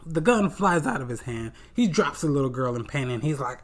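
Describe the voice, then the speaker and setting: A comedic narrator retelling an action movie, excitable and full of sound effects and slang. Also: mid-range voice, a little fast, hardly any pauses. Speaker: comedy film recapper.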